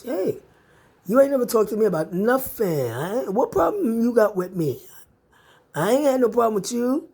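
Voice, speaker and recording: Husky woman ranting profanely at someone. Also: medium pitch, a little mellow. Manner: confrontational and profane, taunting the listener. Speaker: vlogger. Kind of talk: angry direct-to-camera rant.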